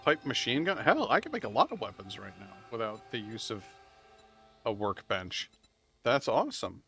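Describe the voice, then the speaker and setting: A man streaming a video game live, chatting casually and rambling as he plays, swearing freely and laughing loudly at chat. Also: lowish voice, big pitch swings, moderate pace, gravelly, soft background music. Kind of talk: live gameplay commentary.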